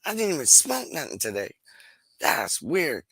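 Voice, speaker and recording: A man hosting a live stream, chatting casually and reading out viewer comments in a slangy, animated way, with frequent laughs and repeated catchphrases. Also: a little high, moderate pace, vocal fry, breathy edge, dry recording, rough recording.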